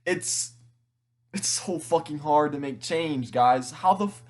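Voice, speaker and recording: A teenage man in an emotional monologue to camera, tearful and halting, rambling with frequent restarts and swearing. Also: fairly high pitch. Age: teens. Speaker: vlogger.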